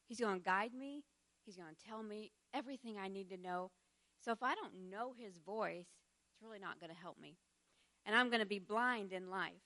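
A woman's voice: medium pitch, moderate pace, pushed and bright. A middle-aged woman teaching in church, conversational and heartfelt, laughing often between thoughts.

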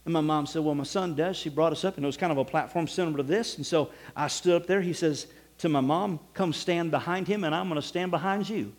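A man preaches a sermon built on his own testimony, swinging from hushed to loud and exclaiming some passages. His voice is on the high side, and he talks fast.

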